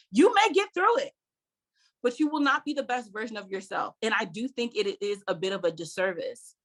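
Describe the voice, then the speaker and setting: In a medium-pitched, slightly bright voice, a middle-aged workshop leader teaches public speaking online. She addresses her viewers directly and chats easily, stressing her main points again and again with laughter in between.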